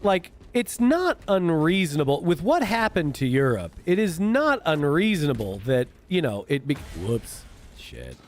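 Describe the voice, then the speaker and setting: A man hosting a casual stream chat, talking in an animated, rambling way with lots of swearing and fillers. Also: on the high side, a little slow. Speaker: streamer host.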